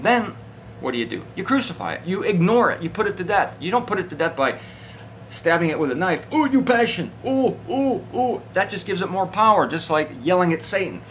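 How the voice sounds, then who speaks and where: Animated man teaching the Bible. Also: high-pitched, a little hiss or hum, rough recording. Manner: animated and conversational, acting out voices. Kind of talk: informal Bible teaching talk.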